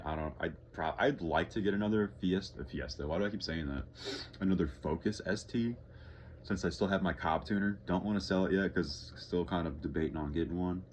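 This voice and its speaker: Low-voiced young guy from texas vlogging, rambly, cusses a lot, faint hum behind him. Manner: rambling, swears freely, sighs often. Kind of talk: casual vlog chat.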